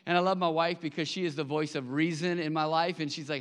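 A man preaching a sermon to his congregation, conversational and animated, telling stories with acted-out quotes. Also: a little high, fast, few pauses. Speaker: pastor. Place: church sanctuary. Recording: long hall reverb.

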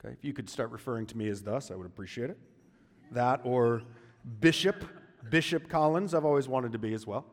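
A man's voice: mid-range voice, a little fast. Preacher man in a reverberant hall. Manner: conversational, joking asides. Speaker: pastor. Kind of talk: sermon.

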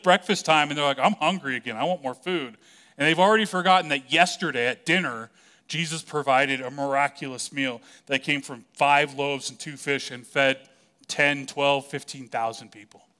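A man preaching a sermon in a conversational, animated way, acting out the voices of the people he quotes. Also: on the high side. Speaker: pastor.

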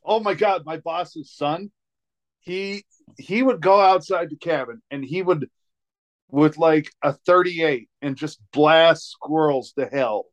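A man's voice: a little high, measured pace. A man from Montana, a comedian guest, telling stories in casual chat and laughing often. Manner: animated storytelling, laughs often. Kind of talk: casual storytelling.

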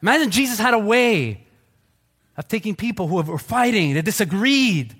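A middle-aged man preaching a sermon in a high voice. He jokes with the congregation and slips into other people's voices, and his voice swings widely up and down. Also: quick pace. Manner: animated, joking, acts out quoted voices. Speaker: pastor.

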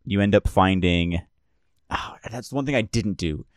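A man's voice: sits low, normal speed, dry recording, studio quality. A man narrating as game master of a tabletop game, loose and rambling with many restarts.

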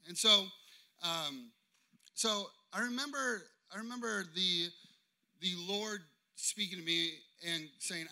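Bright-voiced high man preaching. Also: unhurried. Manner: conversational, frequent "okay?" and "you know what I mean?". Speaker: pastor. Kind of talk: sermon storytelling.

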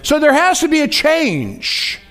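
Man, preacher, very high voice, folksy call-and-response sermon. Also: wildly swooping pitch, unhurried, fairly bright tone.

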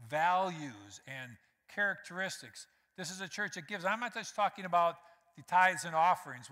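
A male pastor delivers a conversational sermon, speaking straight to his congregation and acting out the lines he quotes. His voice is bright and forceful. It rings with the long reverb of a church hall. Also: fairly high pitch. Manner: conversational preaching, acts out quotes, addresses congregation directly. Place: church sanctuary.

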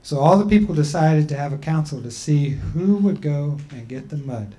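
A man giving a talk and telling a traditional creation story in a measured, deliberate way with frequent pauses. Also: on the high side, expressive, warm tone. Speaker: speaker.

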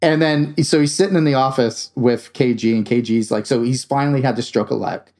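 A man co-hosting a casual chat, excitedly recapping a film and acting out its scenes with plenty of swearing. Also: mid-range voice, brisk. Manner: animated, swearing, acts out scenes. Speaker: podcast co-host.

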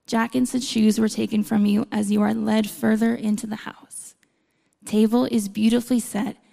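A woman's voice: mid-range voice, vocal fry, darkish tone. A woman preaching a sermon in a conversational way, with playful asides to the congregation. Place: church hall. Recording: long hall reverb.

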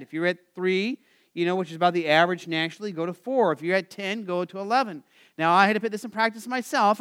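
A male pastor preaching a sermon, asking the congregation to answer back, rising animated and then dropping soft at phrase ends. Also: sits high, smooth. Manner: asks the congregation for call-and-response answers.

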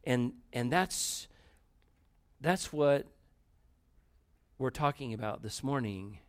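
A man preaching to a room full of people in an easy, conversational way, with an ordinary mid-range voice. He keeps turning to the audience, dropping to quiet asides and then rising to loud, emphatic bursts. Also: mid-range voice, lively intonation, takes it slowly, clear, resonant tone. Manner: conversational, addresses the audience directly. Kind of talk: storytelling sermon.

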